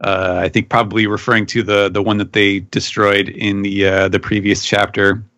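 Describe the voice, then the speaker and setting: Male podcast panelist, low-ish bright voice, casual recap with quick character voice bits. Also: little pitch movement, no echo. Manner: retells scenes, briefly pitching up to act out quoted lines. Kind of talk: casual manga recap chat.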